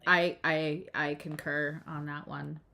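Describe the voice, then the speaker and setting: A woman's voice: low voice, flat delivery, slow, creaky, bright, forceful tone. A middle-aged woman hosting a live stream, chatting casually, laughing often and reading comments aloud. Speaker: live-stream host and astrologer.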